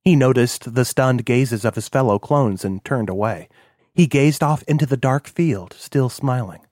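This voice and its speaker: A man giving calm, measured scripted narration of a novel. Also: medium pitch, no room sound, studio quality. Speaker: audiobook narrator.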